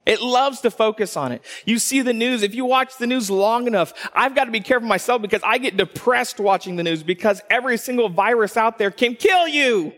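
A man telling a personal story as a preacher, animated, dropping low for asides and rising when excited. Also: a little fast, hardly any pauses. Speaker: pastor. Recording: long hall reverb.

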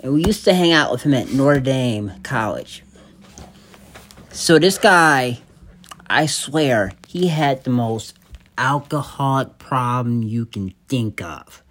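A young man co-hosting a podcast, telling a story in an unhurried, halting way. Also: mid-range voice, animated, a bit bright. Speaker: podcast co-host. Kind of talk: casual storytelling chat.

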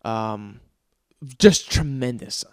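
A man's voice: fairly low pitch, extremely slow, no room sound, clean studio sound. A young man hosting his own podcast, telling stories in an exasperated, profane, ranting way with sighs and laughs between bits. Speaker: podcast host. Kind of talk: casual comedic monologue.

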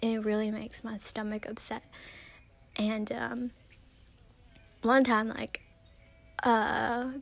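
A woman's voice: fairly high pitch, level tone, takes it slowly, creaky, long pauses, fairly bright tone, dry recording. A young woman vlogging casually, rambling through funny stories and laughing often as she talks. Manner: giggly, rambling, laughs often mid-story. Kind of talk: casual storytelling vlog.

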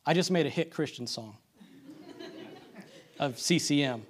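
A man's voice: fairly high pitch, slow, pauses often. Man preaching in a loose, chatty way. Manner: conversational, self-deprecating, many restarts; asks the congregation for amens. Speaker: church speaker. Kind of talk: sermon.

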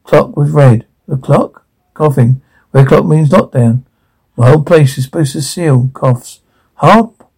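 Gravelly, husky man with a dark voice. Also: mid-range voice, a little slow, low-quality recording. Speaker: reader. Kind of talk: reading a drama transcript aloud, sound cues included.

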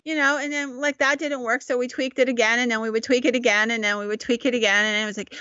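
A woman co-hosting a podcast, chatting casually and telling animated stories about paranormal investigations. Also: quick pace, hardly any pauses, no room sound, lo-fi sound. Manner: animated, acts out quotes in high voices. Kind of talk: casual chat, storytelling.

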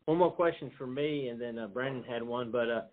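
A man's voice: mid-range voice, fairly quick. A man with a Southern accent hosting a casual interview, asking questions hesitantly with many fillers. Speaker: podcast host. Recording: narrow phone-like sound.

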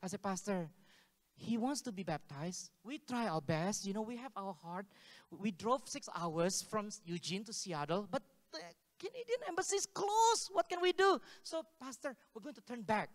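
A man's voice: high voice, moderate pace. A man preaching a sermon, telling stories and acting out the dialogue with laughs. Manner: animated, acts out dialogue with laughs. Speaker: pastor. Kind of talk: sermon storytelling. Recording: hall with long reverb.

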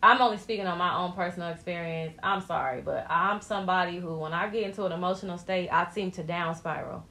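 A woman's voice: lowish voice, quick pace, sharp tone. A woman co-hosting a podcast, speaking candidly and reflectively in casual chat. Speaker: podcast co-host.

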